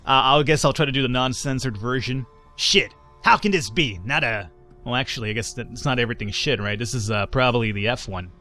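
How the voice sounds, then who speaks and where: A man casually talks through a video game, offhand and joking, with plenty of swearing. His voice sits at an ordinary, middle pitch. Faint music runs underneath. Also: fairly even intonation, quick pace, sharp tone. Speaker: game commentator. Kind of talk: casual game commentary and reading.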